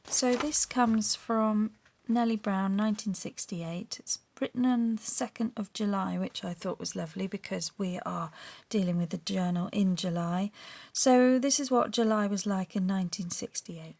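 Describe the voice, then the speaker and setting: English woman, Surrey and Sussex accent, middle-aged, gentle half-whispered craft vlog narration, some vocal fry. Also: mid-range voice, moderate pace. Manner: soft-spoken, often drifting into a half-whisper. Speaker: craft vlogger. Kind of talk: junk journal craft vlog narration and reading aloud.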